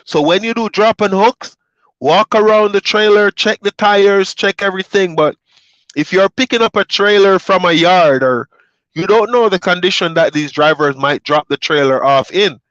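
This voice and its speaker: Trucker vlogger, a man from Jamaica, fairly high voice, easygoing rambling chat, dry dull recording. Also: moderate pace, dry recording. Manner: relaxed, rambling storytelling with fillers. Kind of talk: casual chat to viewers.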